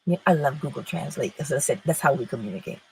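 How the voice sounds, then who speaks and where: A middle-aged woman giving an inspirational spiritual talk, expressive, moving between loud and hushed phrases. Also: low-pitched, quick pace, gravelly, a little hiss or hum, rough recording. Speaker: spiritual teacher.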